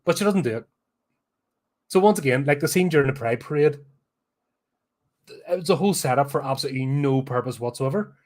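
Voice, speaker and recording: A man's voice: medium pitch, expressive, brisk, long pauses, a little mellow. A man with a Belfast accent, hosting a podcast, giving a blunt, sarcastic, sweary film review rant. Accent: Northern Irish, Belfast.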